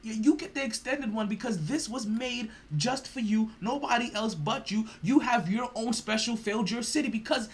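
A man's voice: very high-pitched, moderate pace, few pauses. A man hosting a sports podcast, ranting in a profane, mocking way and laughing often. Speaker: podcast host.

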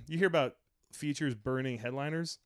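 A man's voice: on the high side, moderate pace, no room sound, clean studio sound. Laughing man telling comedy stories. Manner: storytelling, swearing, laughing. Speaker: comedian podcast co-host. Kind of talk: casual chat.

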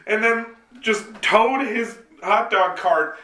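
A man's voice: sits high, takes it slowly, pushed and bright. A man co-hosting a casual comedy podcast, telling stories and acting out the people in them. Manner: storytelling, acts out other people in quotes. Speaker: podcast co-host. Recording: echoey room.

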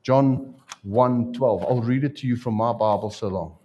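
A man's voice: medium pitch, normal speed, warm tone. A man preaching a sermon and asking his congregation questions. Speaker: pastor.

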